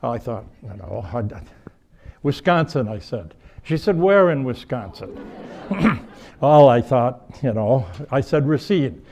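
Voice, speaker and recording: A man's voice: mid-range voice, animated, slow pace, vocal fry, dark tone. An older man, a bishop giving a rambling conference talk full of personal stories and self-corrections. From United States. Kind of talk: storytelling lecture. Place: conference hall before an audience.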